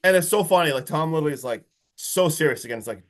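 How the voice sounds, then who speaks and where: A man with a slightly high voice recaps a horror movie on a podcast, rambling excitedly and peppering his talk with "like" and "friggin'". He keeps the story rolling as if it were a casual chat with a friend. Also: rapid-fire. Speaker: podcast co-host.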